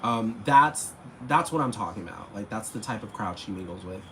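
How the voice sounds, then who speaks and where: Bright-voiced man ranting profanely. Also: on the low side, lively intonation, moderate pace, slight background noise. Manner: profane, exasperated ranting with mocking mimicry. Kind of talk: ranting vlog monologue.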